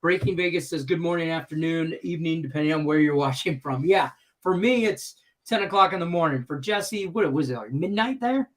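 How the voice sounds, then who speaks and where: Brief: male stream host, slightly high voice, loose and rambling, laughs easily. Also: expressive, fairly quick. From Detroit, Michigan. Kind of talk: casual chat on a live betting stream.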